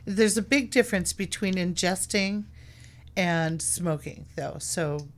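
A woman guest in a casual chat who talks in a relaxed way with frequent hesitations. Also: lowish voice, slow. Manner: relaxed, hesitant, many ums.

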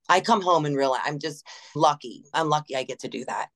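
A woman's voice: low-pitched, a little fast. A woman, a gym's general manager, telling stories in an interview and acting out quotes as she goes. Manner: animated, laughing, acts out quotes. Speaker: gym general manager, guest. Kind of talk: casual interview storytelling.

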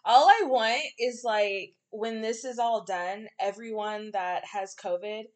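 A woman's voice: mid-range voice, steady tone, slow. A woman hosting a podcast, chatting in a crude, giggly, rambling way. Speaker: podcast host. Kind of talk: casual chat.

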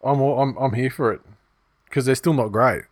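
A man's voice: mid-range voice, normal speed, no echo. A man, co-hosting a casual sports podcast in a rambling, laid-back way. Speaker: podcast co-host.

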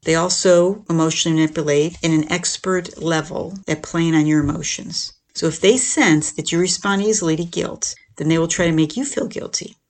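Podcast host chatting casually, gravelly creaky voice, keeps saying right? and you know. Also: mid-range voice, a little fast, hardly any pauses. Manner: conversational, often checks in with "right?" and "you know"; acts out quoted lines in a lifted, animated voice. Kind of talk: casual explanatory talk on relationships.

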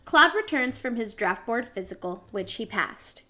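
A woman's voice: fairly high pitch, big pitch swings, a little slow, sharp tone. A woman co-hosting a podcast, reading out a show synopsis from a script with small slips and self-corrections. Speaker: podcast co-host.

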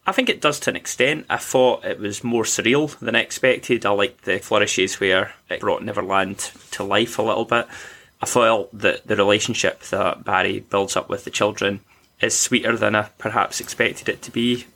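A man hosting a podcast, chatting casually about films in a measured, mildly wry way. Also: on the low side, fairly even intonation, sharp tone. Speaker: podcast host. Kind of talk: casual film review chat.

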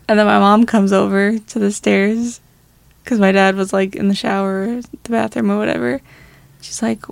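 A young woman chatting casually on a podcast, with a gravelly, creaky edge to her voice. She rambles, swears freely and laughs between phrases. The sound is close and dry. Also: mid-range voice, steady tone, unhurried, long pauses, dry recording. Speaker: podcast co-host. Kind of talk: casual chat.

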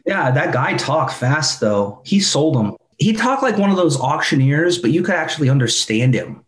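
A man's voice: fairly high pitch, big pitch swings, moderate pace. A man in his forties co-hosting a podcast, chatting casually and goofing around with silly voices. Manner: laid-back, goofy, acts out silly voices. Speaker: podcast co-host. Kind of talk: casual nostalgic chat.

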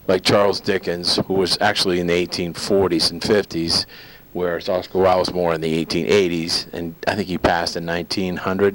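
A man's voice: sits low, a bit bright, poor audio. A middle-aged man hosting a casual solo talk show, rambling and joking in a chatty way. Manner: rambling, jokey, breaks into silly voices. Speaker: host.

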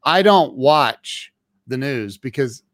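Eager halting host, dry sound. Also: male voice, mid-range voice, animated, a bit bright, dry recording. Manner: eager, halting, repeats words when starting. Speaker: podcast host. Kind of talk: casual interview chat.

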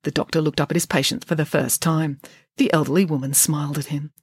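A woman's voice: deep voice, steady tone, fast, slightly rough, no echo. A woman reading a novel aloud, narrating expressively. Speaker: storybook reader.

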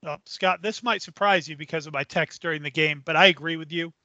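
A middle-aged man co-hosting a casual sports podcast, talking in a measured, thoughtful way. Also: fairly high pitch, sharp tone, dry recording, highs cut off. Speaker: podcast co-host.

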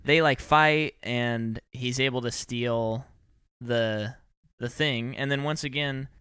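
A man's voice: mid-range voice, steady tone, slow pace, sharp tone, smooth, dry recording, studio quality. A man co-hosting a casual movie podcast. He talks animatedly and acts out scenes with silly voices and sound effects. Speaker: podcast co-host.

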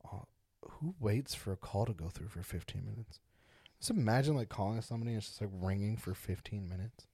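A man's voice: lowish voice, a little fast, mellow, husky, no echo, clean studio sound. A man hosting a casual podcast, joking around and reading spooky stories aloud with dramatic emphasis. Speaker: podcast host.

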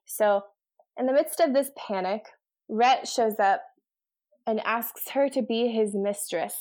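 A young woman in casual chat, retelling a novel's plot with lots of laughing and quick paraphrased quotes. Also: fairly high pitch, a little mellow. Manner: chatty, laughing, acts out characters' lines in quick paraphrase.

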